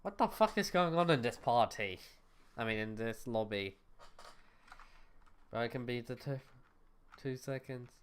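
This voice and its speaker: A man chatting on a game livestream, rambling and blunt, with plenty of swearing and exasperation. His voice is smooth and clear, sitting at an ordinary middle pitch for a man, and it comes through a desk microphone. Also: expressive, unhurried, pauses often. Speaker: VTuber streamer. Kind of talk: casual gaming livestream chat.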